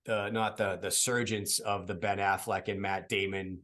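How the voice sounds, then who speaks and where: A man's voice: deep voice, little pitch movement, moderate pace, fairly bright tone. A man in his fifties hosting a podcast, explaining his views reflectively and at length. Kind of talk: casual podcast chat.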